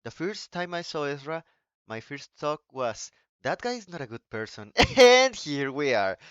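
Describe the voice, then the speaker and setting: Male streamer whose first language is Spanish, with a fairly high, smooth voice. He rants in a quick, excitable way, swears freely and restarts his sentences. The sound is dry and slightly muffled. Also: no echo. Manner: excitable, profane ranting with restarts. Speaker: live streamer. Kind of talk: casual live-stream chat.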